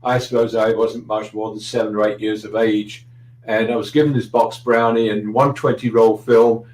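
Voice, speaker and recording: A man's voice: lowish voice, flat delivery, moderate pace, darkish tone, reverberant, poor audio. A middle-aged man with a London accent, a guest chatting in an interview, anecdotal and dryly humorous with frequent hesitations. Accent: British, London. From London, England. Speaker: guest photographer. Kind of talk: casual interview chat.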